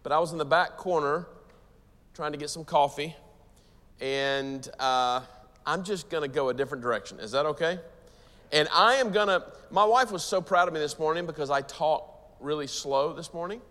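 An American pastor preaches to a gathered church, quick and animated, often asking the crowd questions. His voice sits fairly high for a man. The sound rings with the long reverb of a big hall. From United States. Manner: fast, animated preaching with audience asides. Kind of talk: sermon.

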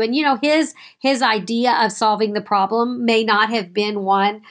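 A woman's voice: a little high, moderate pace. Storytelling woman school administrator. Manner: animated storyteller. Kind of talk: storytelling in an interview.

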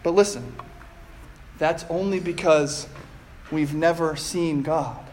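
Man, pastor, sermon, measured delivery, rhetorical questions, unhurried pace. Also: a little high, a little mellow, a little hiss or hum.

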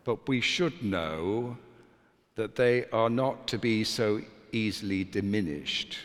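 A man, a priest, preaching a sermon in a measured, deliberate way with dramatic pauses. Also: lowish voice, animated. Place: church. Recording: long church reverb.

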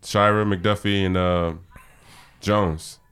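A man's voice: low-pitched, fairly even intonation, slow, fairly bright tone, clear, resonant tone. A man talking loosely and laughing as a podcast guest, telling stories about directing voice actors. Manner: laughing, storytelling, loose and profane. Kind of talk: casual podcast chat.

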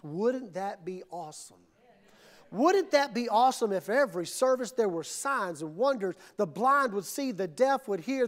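A male pastor with a strikingly high-pitched voice delivers a sermon. He builds from quiet, measured reflection to impassioned outbursts, voicing desperate prayers aloud. He sounds middle-aged and fully invested in the preaching.

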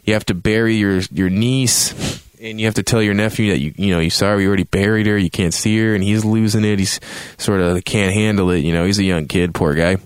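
Low-voiced man, rambling and profane. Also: steady tone, brisk, clean tone, no echo. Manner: rambling, swears a lot, acts out reactions in a raised voice. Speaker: host reviewing a video game. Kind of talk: casual spoken review.

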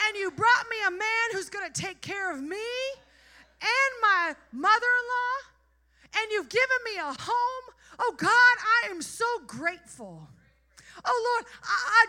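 A woman's voice: a little high, slightly rough, voice pushed down. A woman preacher voicing Ruth, a humble foreign young woman praying to God in fervent, tearful gratitude. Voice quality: tearful, rising to shouting praise. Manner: fervent prayer addressed to God.

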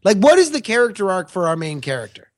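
A man co-hosting a casual movie review chat, halting, with lots of fillers. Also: high voice, big pitch swings. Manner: halting, lots of "like", acts out quotes. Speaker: podcast co-host.

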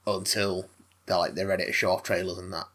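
A man co-hosting a casual podcast, telling rambling, animated stories that often restart. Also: low voice, fast talker. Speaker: podcast co-host. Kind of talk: casual chat.

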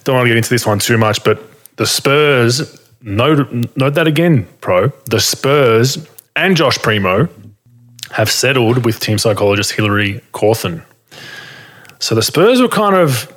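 A man co-hosting a podcast in casual chat, talking loosely and laughing often. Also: mid-range voice. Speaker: podcast co-host.

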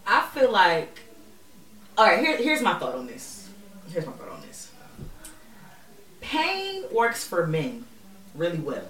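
A bright, high-voiced woman swoops all over her range as she co-hosts a loose, slangy podcast chat, laughing often. She sits back from the mic in an echoey room. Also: wildly swooping pitch, takes it slowly, pauses often, recorded from a distance, slight background noise. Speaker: podcast co-host. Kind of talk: casual chat.

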